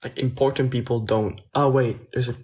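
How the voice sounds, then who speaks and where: This man is a native French speaker from France whose accent shows as he chats on a phone livestream, responding to viewers' comments. Soft and hesitant, he often trails off, speaking at normal speed with a steady, mid-range voice.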